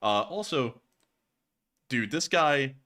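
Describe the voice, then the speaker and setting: A man's voice: medium pitch, lively intonation, takes it slowly, bright, forceful tone. A man hosting a live-streamed war news show, answering viewer questions in casual chat, laughing often and joking loosely.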